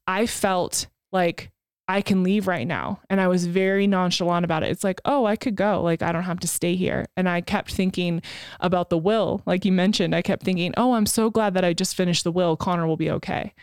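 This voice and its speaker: A woman's voice: fairly low pitch, fairly even intonation, a little fast, darkish tone, smooth, no room sound, clean studio sound. A woman in her thirties telling a personal story as a podcast co-host, frank and emotional, swearing casually.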